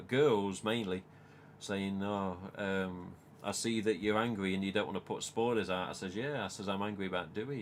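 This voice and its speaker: Hosting a laid-back live stream, this Englishman in his forties has a lowish voice and an animated manner. He swears frequently and quotes himself, while a slight hiss or hum sits under the recording.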